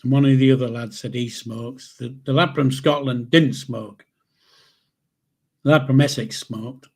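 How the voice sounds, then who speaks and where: Man, 70s, slow husky storyteller, rambling memoir. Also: medium pitch, fairly even intonation, a little mellow. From England. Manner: rambling, halting, with chuckles. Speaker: channel host, grandfather. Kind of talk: casual spoken memoir storytelling.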